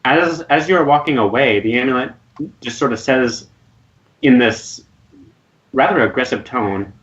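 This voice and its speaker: A man's voice: medium pitch, measured pace, fairly bright tone. A man narrating as dungeon master of an online tabletop game, describing scenes with frequent restarts. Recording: muffled voice-chat audio.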